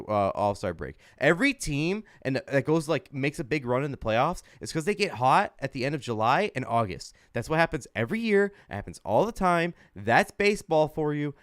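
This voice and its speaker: A man's voice: medium pitch, fairly bright tone, no room sound, studio quality. A man hosting a casual sports podcast, ranting heatedly and swearing a lot. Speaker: podcast host.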